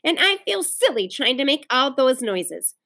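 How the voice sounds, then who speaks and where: A woman's voice: high-pitched, big pitch swings, normal speed, vocal fry, bright, forceful tone, exaggerated voice. A woman voicing a cross, impatient young girl who is fed up with her little sister. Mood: exasperated. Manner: exasperated, impatient.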